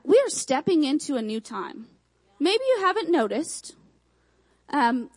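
A young woman from Michigan with a Texan accent, preaching a sermon with emphatic repeated phrases and quick asides. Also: sits high, poor audio.

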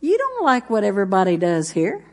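A woman's voice: medium pitch, wildly swooping pitch, brisk. A middle-aged woman pastor, preaching a folksy sermon full of stories. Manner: folksy, storytelling, with congregation responses.

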